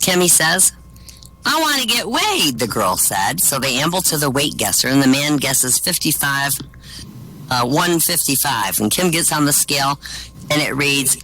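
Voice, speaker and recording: A man telling jokes at an open-mic night, his pitch swooping up and down as he tells each story. His voice is bright and clear, comes through an online voice chat, and he chuckles at his own punchlines. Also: slight background noise, poor audio. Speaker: comedian at an open-mic show.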